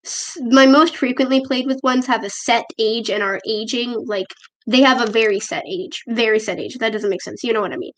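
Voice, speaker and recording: A slightly high female voice in loose, unscripted chat, reading out viewer comments and running herself down. She fills her talk with "like" and "I don't know". The sound comes from a tablet's built-in microphone at home. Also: a little fast. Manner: chatty and self-deprecating, with frequent fillers. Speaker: livestream host. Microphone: tablet camera microphone.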